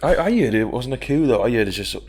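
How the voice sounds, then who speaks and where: A man in casual podcast chat, easygoing and quick with banter. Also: mid-range voice, animated, a little mellow, husky. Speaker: podcast co-host.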